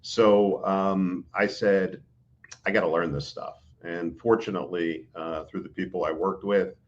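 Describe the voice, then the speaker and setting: A man's voice: low voice, fairly even intonation, measured pace. A middle-aged man, a guest on a podcast, telling career stories in casual talk and acting out quoted dialogue, with frequent fillers. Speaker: interview guest, executive recruiter. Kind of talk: casual storytelling in a podcast interview. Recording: dull, lo-fi audio.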